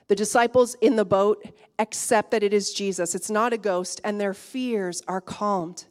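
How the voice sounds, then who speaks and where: A woman with a medium-pitched voice preaches an earnest sermon, climbing to emphatic peaks before dropping soft.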